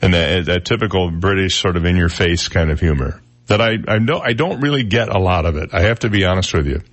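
In a studio, a man hosts a radio talk show, his low voice moving quickly with lively intonation. He keeps the on-air chat casual and chuckles at his own jokes, captured on a studio microphone.

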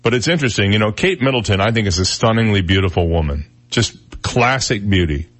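A man's voice: on the low side, animated, fairly quick. A man hosting a radio talk show in a studio, chatting casually and chuckling at his own jokes. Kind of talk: casual on-air chat. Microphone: studio microphone.

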